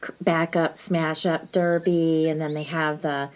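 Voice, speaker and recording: Animated storytelling woman, low voice. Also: unhurried. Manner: animated, swears casually, laughs while telling stories. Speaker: podcast co-host. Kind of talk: casual chat, storytelling. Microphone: remote call.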